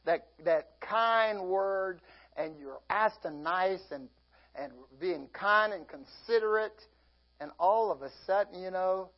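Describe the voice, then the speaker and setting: A man's voice: sits high, highs cut off. A man preaching a sermon as pastor, folksy and often laughing as he acts out everyday scenes.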